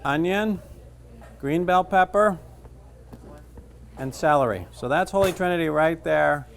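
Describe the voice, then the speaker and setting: Joking cooking teacher over sizzling pan. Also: male voice, fairly high pitch, measured pace, creaky. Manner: casual, joking, talks while cooking. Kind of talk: cooking class demonstration. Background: frying and sizzling.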